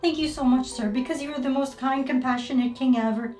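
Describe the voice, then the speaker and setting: A woman playing a nervous, flattering servant in a comedy sketch. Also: sits high, fairly quick, echoey room, distant mic, faint music behind, natural voice. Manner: pleading, flattering. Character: groveling nervous servant to a president.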